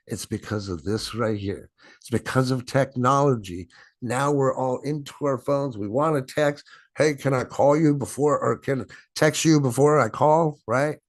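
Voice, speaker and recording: A man's voice: medium pitch, dry recording. A middle-aged man presenting a sales webinar as a coach, stressing and stretching his words and often asking "right?". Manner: emphatic, repeats "right?" and "my friends". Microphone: video call.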